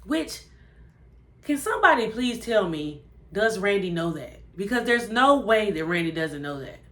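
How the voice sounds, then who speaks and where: A woman's voice: mid-range voice, normal speed. Chatty woman recapping an episode. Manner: animated and chatty, acts out the characters' lines. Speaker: TV show reviewer.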